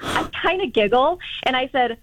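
A woman calling in to a radio show, telling a wild story in an animated way and laughing often. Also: high-pitched, moderate pace, no room sound, rough recording. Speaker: caller.

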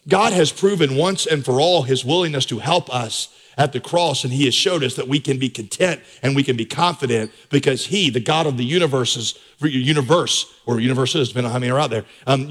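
A male pastor preaching a sermon, direct and conversational, with emphatic surges in pitch. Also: brisk, fairly bright tone.

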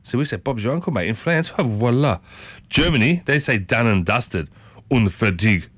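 A man's voice: medium pitch, a little fast, no echo. A man with an Australian accent hosting a morning radio show, chatting playfully and jumping from thought to thought. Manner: chatty, playful, jumps around excitedly. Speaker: radio host.

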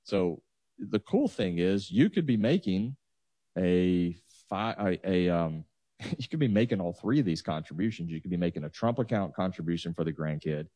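A man's voice: low-pitched, animated, moderate pace, warm tone, no room sound. A man, a financial advisor patiently walking listeners through numbers on a talk show. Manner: explanatory, walks through numbers step by step.

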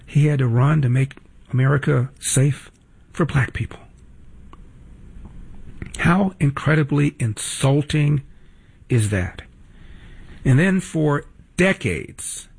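Gravelly indignant talk radio man. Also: mid-range voice, slow pace, long pauses. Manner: indignant, mocking.

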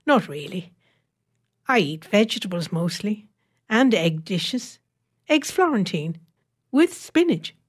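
Woman narrator as an older housewife, homely rambling chatter, lively ups and downs. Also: mid-range voice, slow pace, pauses often, husky, full character voice. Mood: chatty.

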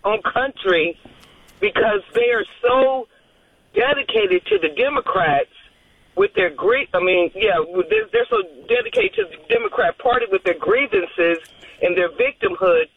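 A woman's voice: fairly high pitch, huge pitch swings, measured pace, vocal fry, slightly rough. A woman calling in to a radio show, rambling and losing her train of thought. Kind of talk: call-in phone conversation. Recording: tinny phone line.

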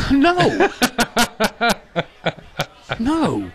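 A man's voice: very high voice, very slow, vocal fry. A man co-hosting a sports talk radio show, joking and bantering with his colleagues. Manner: animated, joking. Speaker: radio co-host.

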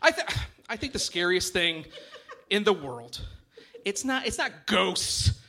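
A man doing a rambling, self-deprecating stand-up set, sometimes dropping to a hushed storytelling voice. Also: high-pitched, very animated, unhurried, vocal fry. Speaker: stand-up comedian. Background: audience laughter.

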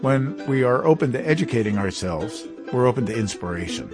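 A male radio host reads a scripted link in a calm, measured way, pitched in an ordinary middle range. Plucked guitar music plays clearly behind him.

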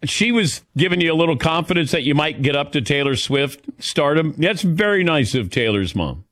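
A man hosting a casual interview. His pitch swings widely as he talks, and his questions have a light, teasing edge. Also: animated, normal speed, a bit bright. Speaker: interview host.

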